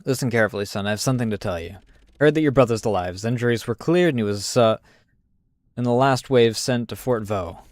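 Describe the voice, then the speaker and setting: A man's voice: medium pitch, quick pace, dry recording, lightly acted. Stern army officer, as a man puts on an accent. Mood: grave. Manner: reads briefing aloud in a put-on accent. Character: stern male army officer briefing a private.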